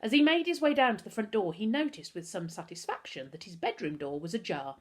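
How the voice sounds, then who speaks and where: A woman, a teacher, reading a children's book aloud with expressive storytelling. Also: mid-range voice, fairly quick.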